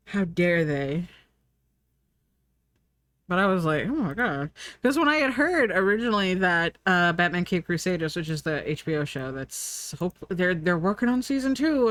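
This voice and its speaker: A woman streamer chatting casually, full of fillers and "like", acting out her own thoughts in lively quoted asides. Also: medium pitch, no echo. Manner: frequent fillers and "like". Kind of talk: casual rambling chat.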